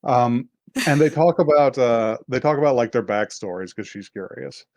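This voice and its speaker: A man's voice: medium pitch, moderate pace, dry recording. Man rambling casually in dry sound. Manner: rambling, relaxed storytelling with casual swearing. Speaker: podcast co-host. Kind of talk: casual anime recap chat.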